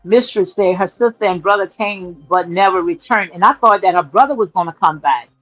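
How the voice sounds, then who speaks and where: A woman's voice: medium pitch, brisk, a bit bright, dry recording, lo-fi sound, faint music behind. A woman hosting a casual livestream on her phone, talking in a sassy, emphatic way, repeating her points and calling listeners "honey.". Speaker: livestream commentary host.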